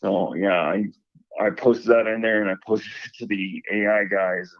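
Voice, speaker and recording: Man, rambling storyteller, lower gravelly voice, phone-line quality. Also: steady tone, moderate pace, dry recording. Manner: rambling, hesitant, with many restarts. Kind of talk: casual storytelling.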